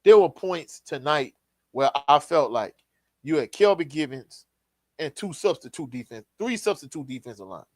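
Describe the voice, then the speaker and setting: A man with a fairly high voice rants through a postgame football reaction in blunt, exasperated slang, now and then reading out viewer comments. The recording is dry and close, with no room sound. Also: big pitch swings, normal speed, dry recording. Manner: blunt, exasperated and ranting, casual slang, reads out chat comments. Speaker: sports show host. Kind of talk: heated postgame football reaction, live stream.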